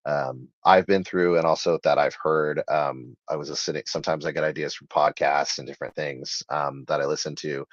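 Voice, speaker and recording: A man's voice: rumbling low, no room sound. A man being interviewed as an author, talking casually in long rambling sentences full of fillers and restarts. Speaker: author guest. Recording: slightly dull, lo-fi sound.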